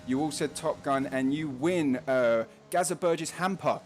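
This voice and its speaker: A man's voice: fairly high pitch, normal speed, faint music behind. A man with a London Cockney accent hosting casual live race commentary, joking and reading out chat messages between laps. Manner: chatty, jokey, reads out chat messages. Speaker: race commentator and stream host.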